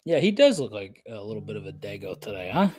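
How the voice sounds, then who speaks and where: Brash, cursing betting-stream co-host. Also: male voice, lowish voice, sing-song, fast talker. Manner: brash and profane. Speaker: co-host of a sports betting livestream. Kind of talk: casual chat.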